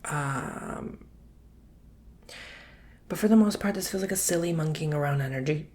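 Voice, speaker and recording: Speaking at a measured pace, a man with a slightly high voice does a gentle ASMR tarot and coffee cup reading. His talk wanders in a chatty way, sprinkled with slang and little whispered remarks.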